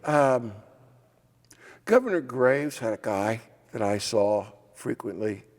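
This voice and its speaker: Animated older man with a gravelly voice. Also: medium pitch, slow. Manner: animated anecdotes with acted quotes and laughs. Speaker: former legislator and assistant insurance commissioner. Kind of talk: storytelling oral history interview. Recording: hall reverb.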